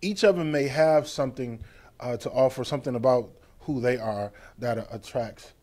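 A man chatting casually about relationships on a talk show, animated and teasing. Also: mid-range voice, moderate pace.

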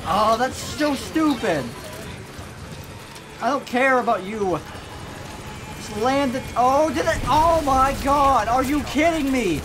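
A let's play gamer giving excitable commentary, swearing and yelling at the game. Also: high-pitched. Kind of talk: gameplay commentary.

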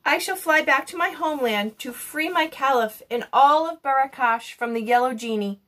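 A woman's voice: high voice, moderate pace, fairly bright tone, voice pushed up. Woman voicing a solemn, formal male genie. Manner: formal, old-fashioned speech.

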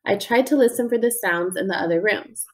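A woman narrating a children's audiobook in the first person. Her storytelling is plain and earnest, told in a child's voice and at a middle pitch. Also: a little fast.

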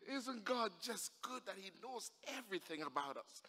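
Male pastor, fervent sermon, high bright voice, long church reverb. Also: expressive, normal speed. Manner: fervent, building to shouts. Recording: echoey church hall.

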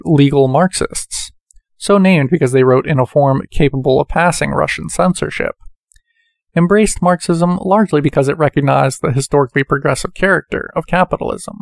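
A man reading a book aloud in a measured way, speaking the quotation marks as he goes. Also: on the high side, gravelly, no echo, clean studio sound. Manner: measured, reads quotations with quote marks spoken. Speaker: audiobook reader.

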